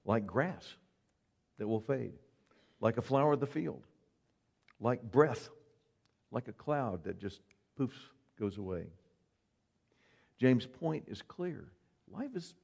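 A man's voice: medium pitch, vocal fry, a little mellow, breathy edge. A male pastor preaching an earnest, conversational sermon with folksy asides.

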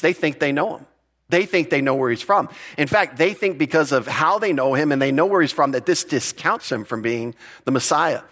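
A man's voice: on the high side, fairly bright tone. A man teaching through a Bible passage in a conversational way, often repeating words and putting questions to his listeners. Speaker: pastor.

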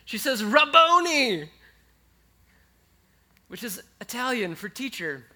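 A male preacher with a high, bright voice. He talks to his congregation in a casual, conversational way. He goes quiet and intimate, then rises with animated energy. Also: measured pace. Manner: conversational, animated, swinging between hushed and excited. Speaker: pastor. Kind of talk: sermon.

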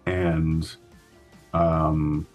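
A man's voice: a bass voice, flat delivery, extremely slow, a little mellow, soft background music. A man chatting casually on a podcast, rambling through a story with frequent laughs and swearing. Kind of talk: casual chat.

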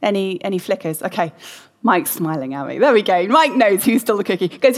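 A woman's voice: mid-range voice, fast. A woman preaching a sermon in a conversational way, asking the congregation questions as she goes. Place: church hall. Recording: long hall reverb.

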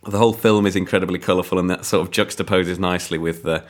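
A man's voice: sits low, fairly even intonation, fast. A man reviewing films on a podcast in casual chat, rambling and enthusiastic with lots of ums.

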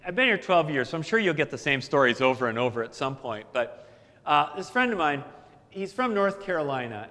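A man preaching a sermon as the pastor, telling stories in a relaxed, conversational way with asides. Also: on the high side, long reverb tail.

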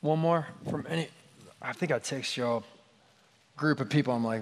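A man's voice: mid-range voice, moderate pace. Encouraging man hosting in an echoing hall. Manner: encouraging and informal, with short affirmations. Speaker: leader of a church gathering. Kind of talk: casual hosting of a church gathering. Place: church gathering hall. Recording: echoey hall with long reverb and a faint crowd.

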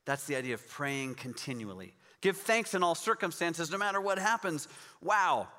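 A man in his forties delivers a sermon in a relaxed, storytelling manner. His voice is bright and a little higher than most men's, and it climbs sharply when he stresses a point. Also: normal speed, long reverb tail. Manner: conversational storytelling, emphatic rises. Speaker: pastor.

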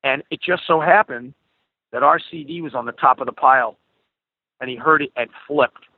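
A middle-aged man spinning a story, and he jumps into the voices of the people in it. His voice sounds husky and comes over a thin, phone-like line with no room sound around it. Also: medium pitch, moderate pace, no echo. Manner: animated storyteller, acts out quoted dialogue. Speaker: guest musician. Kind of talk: storytelling in a podcast interview. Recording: tinny phone-like call audio.

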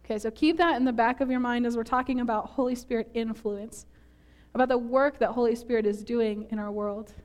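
A woman's voice: on the high side, steady tone, a little fast. A woman from northern Minnesota preaching a sermon in a church, chatty and self-deprecating, laughing often at herself.

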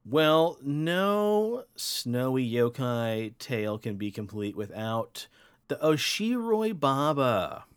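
A man hosting a podcast who tells spooky folklore with a lively, swinging voice. He keeps it playful and teases his co-host, in an average register. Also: medium pitch, slow, clean tone. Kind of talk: casual folklore storytelling.

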